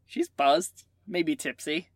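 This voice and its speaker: A young adult runs a tabletop role-playing game at a mid pitch, in a loose, unhurried style full of "uh" fillers. The voice is recorded dry and close, with no room sound around it. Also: no echo. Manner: relaxed, with frequent "uh" fillers. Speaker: game master.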